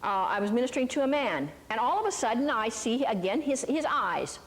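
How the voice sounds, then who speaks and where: A high-pitched older woman preaching to a live audience, recorded in a reverberant hall. She tells her stories in a chatty, folksy way and keeps checking in with her listeners. She often asks them little questions along the way. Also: big pitch swings, a little fast. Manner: chatty, folksy, with lots of asides and tag questions. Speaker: teacher of a Christian ministry. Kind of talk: sermon with storytelling.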